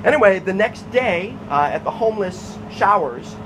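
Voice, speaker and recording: Brief: high-voiced man, heated and profane, telling his side over loud background noise. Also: animated, moderate pace. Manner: agitated, profane, insistent. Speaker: homeless activist telling his story. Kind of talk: recounting events to an official.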